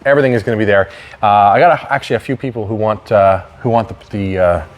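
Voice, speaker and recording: A man's voice: on the low side, fast talker, dull audio. Upbeat male show host, casual banter. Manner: upbeat, joking banter with many fillers. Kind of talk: casual chat.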